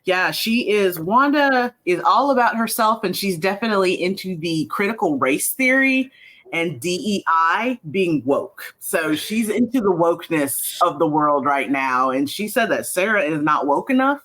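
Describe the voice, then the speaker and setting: A woman who created an animated series, chatting casually in an interview about her cast with many fillers. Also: fairly low pitch, moderate pace. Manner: chatty, many fillers, acts out quotes in lively voices.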